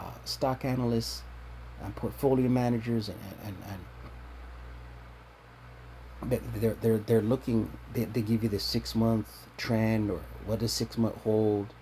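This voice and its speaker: A man with a low voice delivers a scripture teaching, reading verses and explaining them point by point. He keeps asking "right?" and stumbles through repeated words while he thinks. Faint background noise sits under his voice. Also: warm tone. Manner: tags points with a questioning "right?"; restarts and repeats words when searching for them. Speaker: religious teacher.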